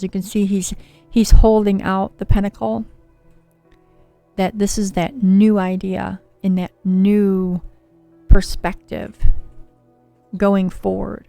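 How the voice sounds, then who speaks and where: A woman's voice: medium pitch, vocal fry, mellow, no room sound. A woman hosting a casual tarot livestream, talking with viewers in a soothing, chatty way, her voice a little scratchy from a cold. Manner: soothing, chatty, reads viewer names and card meanings. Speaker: tarot reader and livestream host.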